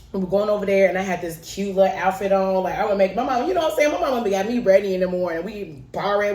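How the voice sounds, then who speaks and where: A woman's voice: medium pitch, reverberant, distant mic. Playful woman telling stories. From Chicago, South Side. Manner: playful, lively, acts out voices and laughs often. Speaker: show creator telling a childhood story. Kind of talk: personal storytelling to camera.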